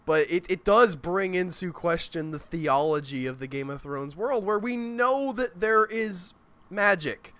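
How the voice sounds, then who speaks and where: A man's voice: sits high, lively intonation, measured pace, bright, forceful tone, dry recording. A man hosting a podcast, chatting casually about a TV episode and going off on tangents. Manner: rambling, goes off on tangents. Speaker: podcast host. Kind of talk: casual TV recap chat.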